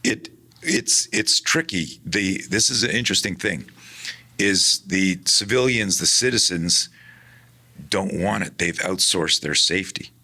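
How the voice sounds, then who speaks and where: A man talking casually in an interview about his work teaching personal defense, animated, acting out the people in his stories with many restarts. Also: sits low, unhurried. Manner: animated, acts out quoted dialogue, frequent restarts. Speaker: guest, personal defense instructor.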